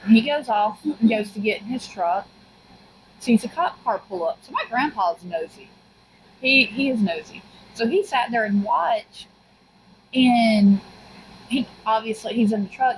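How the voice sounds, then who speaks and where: A woman's voice: mid-range voice, normal speed, a little hiss or hum, rough recording. A young adult woman co-hosting a podcast, telling a detailed story in casual chat and laughing often. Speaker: podcast co-host.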